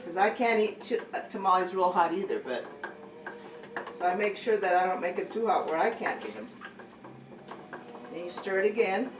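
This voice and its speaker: A middle-aged woman giving a casual cooking demonstration at home, chatty and often pausing to say okay and correct herself. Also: on the low side, lively intonation. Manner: chatty, keeps saying okay, corrects herself mid-sentence. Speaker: home cook teaching a family recipe. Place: home kitchen. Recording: echoey room, distant mic, faint hiss.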